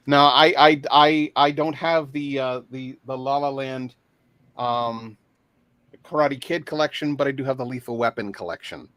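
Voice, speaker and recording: Over a video call, a man chats casually as a guest, speaking haltingly with lots of fillers and restarts. His voice is medium-pitched and a bit bright, and the recording is dry.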